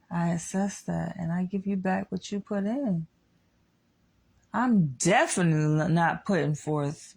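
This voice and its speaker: A woman's voice: on the low side, creaky, warm tone, slightly rough. A young adult woman giving a blunt, candid monologue to her audience, swearing freely as she states her opinions. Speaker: vlogger.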